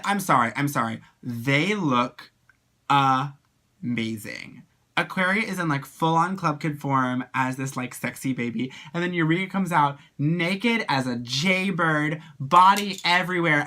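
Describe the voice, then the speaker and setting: Bright, excitable drag performer gushing. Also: normal speed. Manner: animated, gushing, slangy, bursts into high excited exclamations. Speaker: drag performer reviewing TV episodes. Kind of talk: casual video review.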